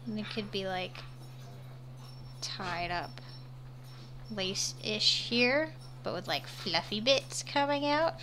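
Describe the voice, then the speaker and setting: A woman's voice: mid-range voice, a little slow, pauses often, fairly bright tone, slight background noise. A woman streaming as she draws, chatting casually, laughing often and swearing freely. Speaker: livestreamer. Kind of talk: casual livestream chat while drawing.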